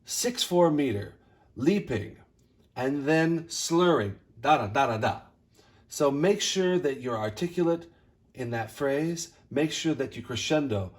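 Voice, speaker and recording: A man directing a choir rehearsal, coaching singers and speaking lines of the text slowly to model their phrasing. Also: fairly high pitch, animated, distant mic. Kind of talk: rehearsal instruction.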